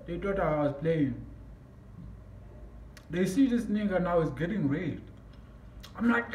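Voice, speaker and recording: A man telling a story on his vlog, animated and excitable, breaking into shouts, recorded in an echoey room. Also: sits high, normal speed, pauses often. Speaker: vlogger. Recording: echoey room, mic at a distance, faint background noise.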